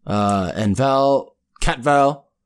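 A man's voice: medium pitch, drawn-out words, clean tone. A man playing a tabletop role-playing game, talking casually and a little hesitantly. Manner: easygoing and hesitant, with fillers. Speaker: player.

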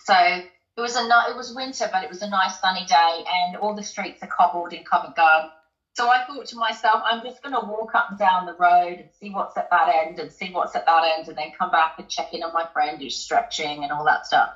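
A woman from the UK tells her story as an interview guest, chatty and loose, with plenty of ums and false starts. Her voice is bright and clear-toned. The recording sounds roomy and a little dull. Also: on the low side, a little fast. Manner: chatty, many ums and restarts, laughs often. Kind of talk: personal storytelling in conversation.

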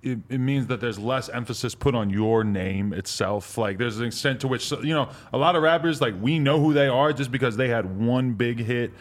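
A man hosting an interview, asking long, loosely worded questions with many fillers. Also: mid-range voice. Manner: measured, rambling questions with fillers. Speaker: podcast host, interviewer.

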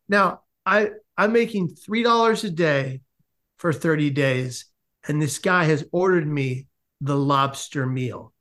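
A man with a somewhat high voice tells a comic story as a podcast guest. He is animated and acts out each person in the tale. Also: slow. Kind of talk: storytelling in casual conversation.

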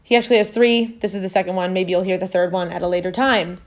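A woman's voice: fairly low pitch, fairly even intonation, fast talker. Rambling woman telling a story. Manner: rambling, full of fillers and self-corrections. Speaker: podcast host. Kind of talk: casual storytelling. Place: at home.

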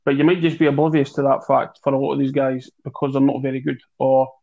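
A man co-hosting a football chat show, speaking in a measured way and thinking aloud with fillers. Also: mid-range voice, flat delivery, gravelly, mellow, lo-fi sound. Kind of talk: casual podcast chat.

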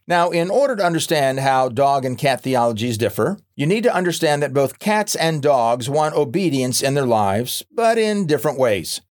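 Wry man reading a nonfiction book. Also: mid-range voice. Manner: wry, gently humorous, measured reading. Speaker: audiobook narrator. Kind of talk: scripted nonfiction narration.

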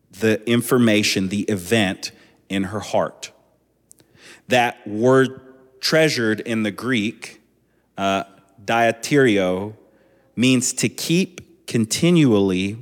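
A man in his thirties preaching a sermon as a pastor, relaxed and conversational with chatty asides. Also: on the low side. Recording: long echoing hall reverb.

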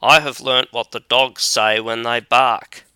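A man reading aloud voices a fearless young man speaking calmly. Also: medium pitch, a little slow, clean tone, no echo.

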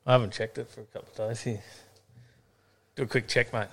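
A man's voice: medium pitch, flat delivery, fairly quick, creaky, a bit bright. A middle-aged Australian man co-hosting a casual live-stream chat, joking and laid-back, with lots of ums and repeats. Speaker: co-host.

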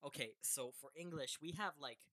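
A man's voice: a little high, normal speed, pushed and bright, a little hiss or hum. A young man co-hosting a casual podcast over a call, goofy and jokey, often laughing at himself. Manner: goofy, jokey, self-deprecating. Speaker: podcast co-host. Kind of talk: casual chat.

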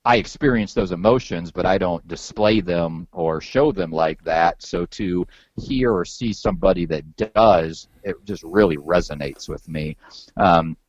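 A man's voice: low voice, measured pace, no echo, lo-fi sound. A man hosting a podcast in casual chat, rambling and loose with some swearing and many repeated words. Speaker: podcast host.

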